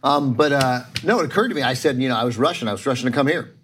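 A man's voice: mid-range voice, lively intonation, rapid-fire, noisy background. A man hosting a podcast, telling a rambling story in casual chat, laughing often and acting out what people said. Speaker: podcast host.

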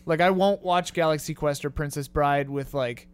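Guy chatting casually, kinda high smooth voice, acts out little quotes. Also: normal speed. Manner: animated storyteller, acts out quotes. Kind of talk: casual chat.

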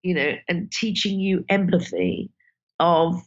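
A woman's voice: lowish voice, animated, a little slow. A woman film director, talking casually and emotionally in an interview, full of "you know" fillers. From Britain. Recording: dull lo-fi sound.

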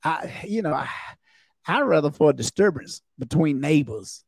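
A man's voice: a little high, animated, normal speed, gravelly, darkish tone, no echo, studio quality. A man, a former cop turned comedian, co-hosting a podcast in loose, profane, casual chat and acting out voices.

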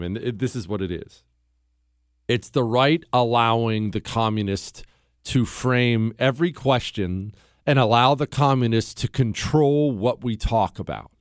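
A man hosting a talk radio show, chatting casually with quick asides and frequent chuckles. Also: mid-range voice, animated, no room sound, studio quality. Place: radio studio.

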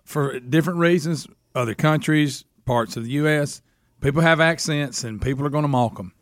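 A man's voice: a little high, moderate pace, no room sound, studio quality. A man with a Southern accent co-hosting a talk radio show, opinionated and emphatic. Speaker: radio co-host. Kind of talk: casual talk radio banter.

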